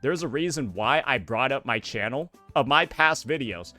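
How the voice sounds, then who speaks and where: A man's voice: medium pitch, animated, normal speed, sharp tone, no room sound, soft background music. A man giving a profane, exasperated reaction commentary, ranting about a video he is watching.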